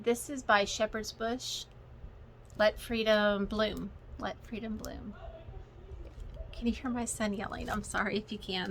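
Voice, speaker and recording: A middle-aged woman gushes to her viewers in an excitable, filler-filled chat. Her voice is bright and clear, with a faint hum of home ambience behind her. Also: medium pitch, low-quality recording. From Texas. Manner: gushing and excitable, many fillers. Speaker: cross-stitch vlogger. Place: home, with children and TV in the background.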